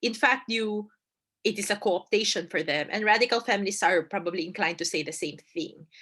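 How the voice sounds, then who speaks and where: Woman lecturer, casual lecture, conversational, emphatic, repeats phrases for stress, mid-pitched voice. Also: brisk, fairly bright tone, slightly rough. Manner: conversational, frequent "right?" and "you know" asides. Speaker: debate lecturer.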